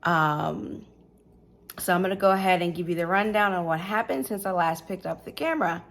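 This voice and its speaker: Low-voiced woman giving a vlog update. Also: moderate pace. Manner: relaxed, with filler ums. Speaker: vlogger. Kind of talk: casual update to camera.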